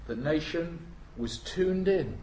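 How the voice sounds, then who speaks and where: British male preacher, slow and deliberate, solemn emphasis, roomy hall with faint hiss. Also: on the high side, expressive, a little mellow. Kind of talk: sermon.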